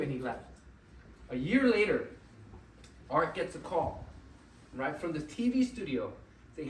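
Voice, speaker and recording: A man telling a story live to an audience at an event, animated and often checking in with "right?". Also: a little high, unhurried, pauses often, slight background noise. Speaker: motivational speaker at an event. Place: event venue. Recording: echoey room, mic at a distance, faint ambience.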